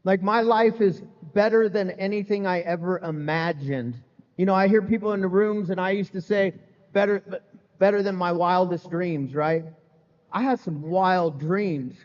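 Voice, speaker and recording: A man's voice: high-pitched, moderate pace, darkish tone. A middle-aged man sharing his recovery story with a live audience, candid and humorous, talking casually with lots of "man" and "you know". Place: event hall with live audience. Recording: echoey hall, slightly muffled sound.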